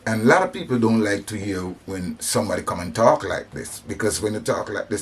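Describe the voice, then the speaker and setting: A man's voice: lowish voice, lively intonation, a little fast, few pauses, breathy edge. A man delivering an impassioned preaching monologue about compassion, with emphatic repetitions and restarts. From African descent. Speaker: speaker on religion and society.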